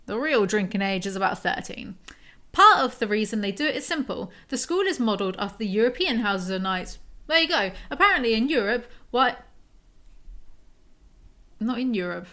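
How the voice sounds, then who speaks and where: A woman's voice: medium pitch, animated, moderate pace, pushed and bright. A woman in her twenties doing a comedic book breakdown, reading passages aloud and adding sarcastic, self-mocking asides. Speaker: book reviewer.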